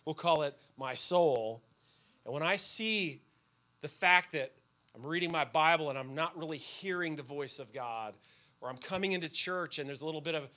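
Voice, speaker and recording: A man preaching a sermon as pastor, telling everyday stories with sudden shouted outbursts. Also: on the high side, moderate pace.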